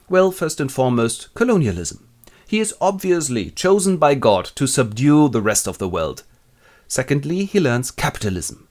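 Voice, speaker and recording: A man's voice: mid-range voice, darkish tone. A man narrating a comic literature summary in a wry, ironic, playful way.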